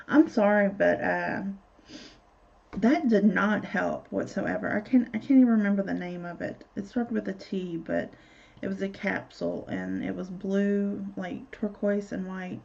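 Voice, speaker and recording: A woman's voice: medium pitch, vocal fry, warm tone. A woman vlogger telling a casual, rambling story with candid, profane asides. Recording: dull lo-fi recording.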